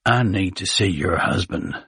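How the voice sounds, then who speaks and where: Man putting on gruff american courier, curt and menacing, deep husky. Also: moderate pace, bright, forceful tone, no room sound, clean studio sound, exaggerated voice. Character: tough, surly male American courier.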